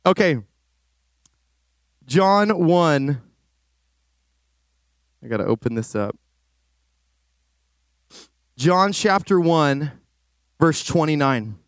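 A man preaching as a youth pastor to a congregation, energetic and animated with rambling asides. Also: on the high side, extremely slow, long pauses, dry recording, clean studio sound. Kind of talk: sermon. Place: church stage before a congregation.

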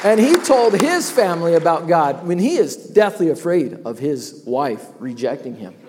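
A man's voice: fairly high pitch, big pitch swings, moderate pace, long reverb tail, crowd noise, background noise. A man telling an emotional personal testimony about his workplace, laughing often and tearing up at moments. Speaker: business owner sharing a testimony.

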